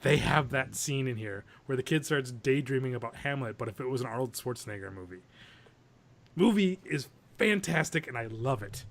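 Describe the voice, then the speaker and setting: A man's voice: mid-range voice, lively intonation, normal speed, vocal fry. A man co-hosting a podcast in casual chat, talking eagerly and laughing as he retells scenes. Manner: enthusiastic, laughs while retelling movie scenes. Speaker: podcast co-host.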